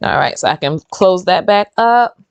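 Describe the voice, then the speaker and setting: A woman's voice: fairly low pitch, normal speed, gravelly, clean tone, no room sound, muffled recording. A woman, hosting a casual, rambling chat while she does her own nails. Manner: chatty, rambling and animated. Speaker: host.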